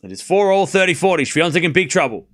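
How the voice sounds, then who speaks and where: A man hosting a live tennis watchalong stream, calling points play by play with casual joking asides and shouting on big moments. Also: a little high, fast talker. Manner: excitable, shouts on big points, chatty and joking between rallies.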